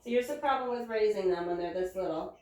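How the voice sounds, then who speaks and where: A woman's voice: medium pitch, fast, darkish tone, very echoey, recorded from a distance, low-quality recording. A woman chatting casually while milking in a barn, now and then cooing to her animals in baby talk. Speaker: homesteader vlogger.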